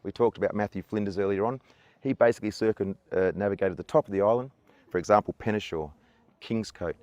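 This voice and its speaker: A man with a broad Australian accent talks like a friendly local guide, stopping for "uh" and starting his sentences over. His voice sits a little low and sounds close and dry, with no room echo. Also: fast, a little mellow, dull audio. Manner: easygoing, chatty, many "uh" fillers and self-restarts, jokey. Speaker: tour guide. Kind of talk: outdoor tour chat to camera. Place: outdoors on coastal rocks.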